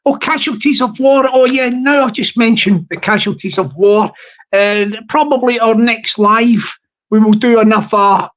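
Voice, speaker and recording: A man's voice: sits high, fairly bright tone, muffled recording. A man hosting a casual livestream chat, rambling and joking with his viewers. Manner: rambling, playful and jokey. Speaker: livestream host.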